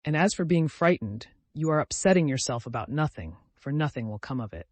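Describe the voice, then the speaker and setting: A man voicing a proud, calm male servant who speaks slowly and deliberately with a measured lisp. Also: on the high side, no echo. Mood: composed. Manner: unnaturally composed, deliberate.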